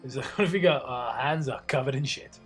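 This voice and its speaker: A man's voice: medium pitch, a little fast, a bit bright, husky, faint music behind. A man reading a story aloud for laughs, stumbling over words and breaking off for sarcastic asides. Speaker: reader and host. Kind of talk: comedic reading with banter.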